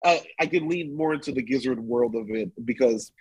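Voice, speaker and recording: A man's voice: mid-range voice, fairly quick, husky, no echo, rough recording. A man in casual podcast chat, laid-back and agreeable, laughing often.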